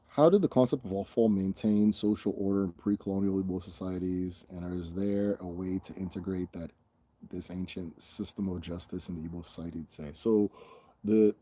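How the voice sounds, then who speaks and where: A man's voice: sits low, mellow, no room sound. A young man hosting a casual question-and-answer chat, talking loosely and profanely, laughing often and breaking into mimicked voices. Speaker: host answering viewer questions.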